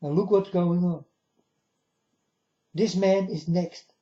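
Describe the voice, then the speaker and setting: A video blogger with a high-pitched, dark-toned voice speaks slowly and with fairly even intonation. In a solemn monologue to camera, he issues warnings to his viewers, often addressing them as "folks." The recording is dull and lo-fi.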